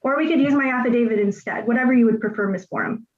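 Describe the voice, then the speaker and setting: A woman representing herself in a court hearing, politely and deliberately reading out legal filings and making her argument. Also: on the high side, highs cut off. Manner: polite, deliberate, reads legal text aloud. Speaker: self-represented parent in court.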